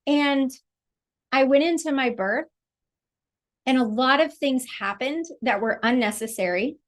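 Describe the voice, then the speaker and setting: A woman's voice: high-pitched, a little slow. A middle-aged woman, a childbirth educator, teaching a live online class in a chatty, encouraging way over a video call.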